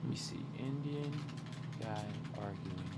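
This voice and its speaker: A man's voice: lowish voice, measured pace, heavy background noise. A young man streaming, rambling and joking as he talks to his chat. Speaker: game streamer. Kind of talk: casual livestream chat.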